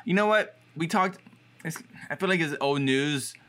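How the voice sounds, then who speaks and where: A man's voice: a little high, normal speed, bright, forceful tone. A man co-hosting a fight podcast, telling stories in a chatty, rambling way with many fillers. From Los Angeles area. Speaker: podcast co-host. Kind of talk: casual chat.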